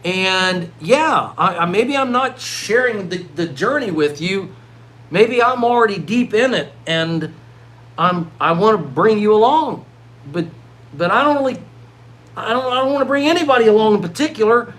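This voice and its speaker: This vlogger's voice sits high and moves at a normal speed. The middle-aged man is clearly worked up, and his ranting monologue keeps restarting and doubling back on the same words.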